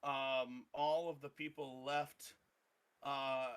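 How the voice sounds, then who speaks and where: A man's voice: mid-range voice, level tone, takes it slowly, fairly bright tone, clean tone. A man narrating a tabletop game as game master, rambling with many ums and uhs.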